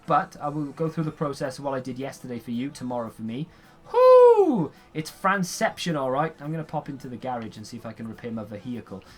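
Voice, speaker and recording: A young man chatting casually while he plays a game and answers viewer questions, rambling and sarcastic, often yawning. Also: medium pitch. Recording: faint background noise.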